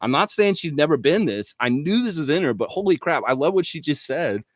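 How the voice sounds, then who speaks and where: A man's voice: a little high, a little fast, no room sound, studio quality. A man hosting a live stream, ranting with lots of swearing and reading viewer comments aloud. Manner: profane, excitable, reads chat aloud. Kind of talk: casual live-stream rant.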